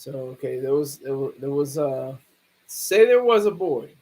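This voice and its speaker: A man hosting a livestream, talking through a case in a rambling, halting way with many restarts. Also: mid-range voice, animated, warm tone, low-quality recording. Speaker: livestream host. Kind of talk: casual livestream commentary.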